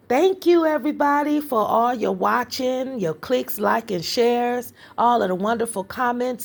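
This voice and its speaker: A woman with a husky, breathy voice gives a casual spiritual message straight to her viewers. She talks in a chatty, rambling way, repeats herself, and keeps calling out to the crowd she is addressing. Her pitch sits in an ordinary middle range. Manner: rambling, restarts often. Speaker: spiritual reader.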